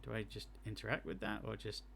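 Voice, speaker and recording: A man's voice: lowish voice, completely flat delivery, fast talker, gravelly, a bit bright, slight background noise. Chatty man commenting on games live. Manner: chatty, thinks aloud, with restarts; technical asides on game effects. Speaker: game streamer.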